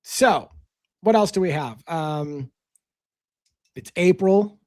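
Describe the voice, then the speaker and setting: A man's voice: high-pitched, animated, slow, no echo, studio quality. A man co-hosting a casual live stream, rambling and joking with many restarts. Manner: rambling, self-interrupting, joking.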